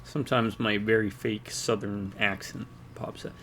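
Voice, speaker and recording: A man's voice: fairly low pitch, level tone, normal speed, a bit bright, a little hiss or hum. A man from the American South rambling casually while commenting on his gameplay. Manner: rambling, chatty, self-deprecating. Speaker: let's play gamer.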